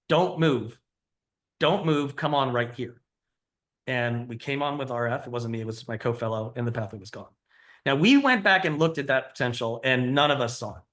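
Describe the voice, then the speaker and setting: A man's voice: medium pitch, sharp tone. A middle-aged man giving a conversational teaching lecture, explaining and quizzing his audience. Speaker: cardiology lecturer.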